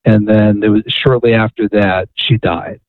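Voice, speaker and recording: A man's voice: fairly low pitch, fairly even intonation, a little slow, no echo. A man, a guest author, telling a story on a radio interview, often repeating and restarting words. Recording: tinny phone line.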